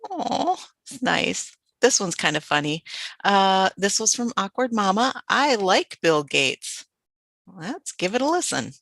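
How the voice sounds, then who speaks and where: A woman's voice: mid-range voice, very animated, unhurried, vocal fry, fairly bright tone, no echo. A woman hosting a livestream, chatting casually and giggling as she introduces clips. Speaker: livestream host.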